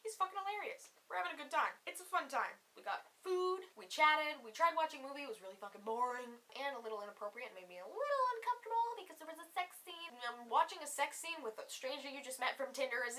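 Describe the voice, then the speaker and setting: A young woman telling a funny personal story for a comedy vlog, animated and full of swearing, acting out each quote. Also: sits high, fast, few pauses. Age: young adult. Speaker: comedy YouTuber. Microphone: camera mic.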